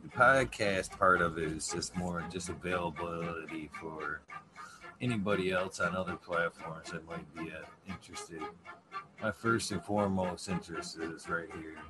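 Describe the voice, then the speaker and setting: A man hosting a live stream, talking casually and reading chat names aloud, swearing freely. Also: low voice. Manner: slow, laid-back, swears often, reads chat names aloud. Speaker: livestream host. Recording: music playing loudly behind. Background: music.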